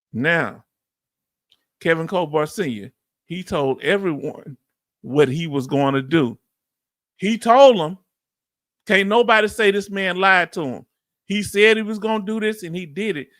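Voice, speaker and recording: A man's voice: high-pitched, a bit bright, no echo, clean studio sound. Southern man hosting a live Q&A. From United States. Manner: casual, conversational, laughs often. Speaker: livestream host. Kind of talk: live Q&A, reading and answering chat comments. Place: Texas.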